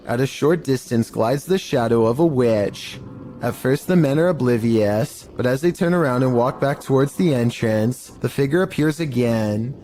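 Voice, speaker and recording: A man reading scripted narration for a compilation of eerie clips, in an even, measured delivery. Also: medium pitch, slight background noise.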